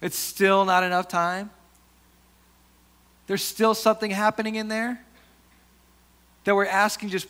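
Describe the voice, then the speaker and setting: A pastor preaching a sermon in an earnest, conversational way, often restarting his sentences and dropping to softer asides. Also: sits high, level tone, a little slow, pauses often, clean tone.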